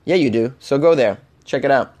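A man hosting a solo comedy podcast, animated and over-caffeinated, swinging from loud jokes to muttered asides. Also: medium pitch, fairly quick. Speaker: podcast host.

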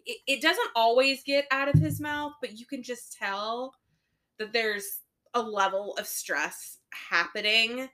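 A woman's voice: a little high, unhurried. A woman in her thirties co-hosting a podcast, telling family stories in a casual, laughing way. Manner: lively, laughing storyteller. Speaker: podcast co-host. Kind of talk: casual chat.

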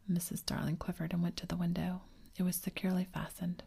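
A woman reading a classic children's story aloud in a steady whisper. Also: on the low side, fast talker, creaky, slightly rough. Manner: whispered throughout.

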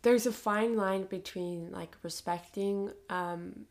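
A woman's voice: medium pitch, steady tone, slow pace. A woman in her twenties hosting an interview, enthusiastic and gushing, peppered with "like" and "oh my gosh". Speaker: interviewer, host. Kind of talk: casual interview chat.

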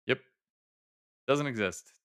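A man co-hosting a podcast, rambling through a movie scene with laughs and quick bursts of acted-out dialogue. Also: medium pitch, fairly bright tone, dry recording, studio quality. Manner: rambling, laughing, acts out characters' lines. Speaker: podcast co-host. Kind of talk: casual chat recapping a movie.

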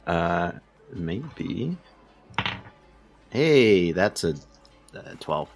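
A man's voice: low voice, very animated, very slow, soft background music. A man playing a tabletop role-playing game, answering in short, wary remarks. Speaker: player.

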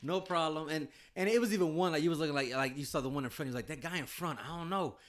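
A man's voice: fairly high pitch, rapid-fire. A man in casual, profane conversation, telling stories with lots of energy and frequent laughter. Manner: animated storyteller, profane, laughs often. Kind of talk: casual chat.

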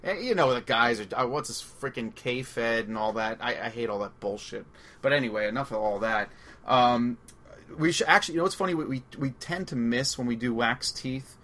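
A man with a Long Island accent, co-hosting a casual movie podcast, excitable and rambling, laughing often. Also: medium pitch, normal speed. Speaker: podcast co-host.

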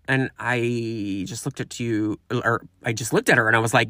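A podcast host tells a work story as a profane, animated rant, talking straight to the listeners. The voice swings widely up and down in pitch. It is recorded close on the mic and sounds dry, with no room echo. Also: normal speed, hardly any pauses. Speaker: podcast host and restaurant manager.

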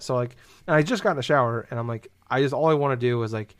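A young man speaks fast at a medium pitch, rambling through a casual story loaded with "like" and unrestrained swearing.

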